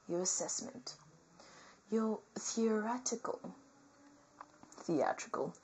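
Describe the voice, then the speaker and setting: A woman reading a nursing workbook aloud as comedy, with theatrical asides that swing between whispers and loud outbursts. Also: medium pitch, animated, slow, slight background noise, rough recording.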